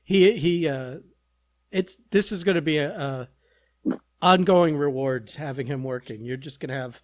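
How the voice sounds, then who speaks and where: A man's voice: a little high, moderate pace, no echo, studio quality. A man co-hosting a podcast in casual chat, making wry quips with hesitant fillers. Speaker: podcast co-host.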